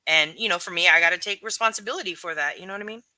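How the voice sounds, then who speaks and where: Bright, dry-voiced woman chatting live. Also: on the low side, rapid-fire, no room sound. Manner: candid, emphatic, swears freely, talks straight to chat. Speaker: live stream host reading chat. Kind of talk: casual live stream chat.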